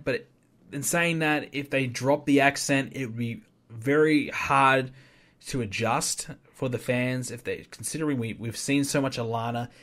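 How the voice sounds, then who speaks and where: Male podcast host, mid-pitched voice, casual rambling solo commentary, opinionated. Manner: rambling and opinionated, many fillers and restarts.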